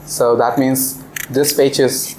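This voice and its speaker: A man's voice: mid-range voice, little pitch movement, slow, a little mellow, poor audio. Young guy teaching a class, chatty and laughing a lot, some faint noise behind. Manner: chatty, laughs often, explains step by step. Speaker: visiting language teacher. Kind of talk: casual classroom discussion. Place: classroom in a language club.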